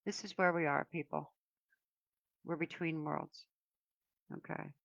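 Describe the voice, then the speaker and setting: A woman giving a casual spiritual card reading to her viewers, talking in a meandering, reflective way with many pauses. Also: low voice, fairly even intonation, gravelly, fairly bright tone, no echo, muffled recording. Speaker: oracle card reader.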